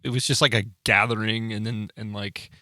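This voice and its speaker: A man's voice: lowish voice, fairly even intonation, a little fast, pushed and bright, dry recording, studio quality. A man co-hosting a casual podcast chat in a laid-back way, often trailing off and hedging mid-sentence. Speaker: band member and podcast co-host.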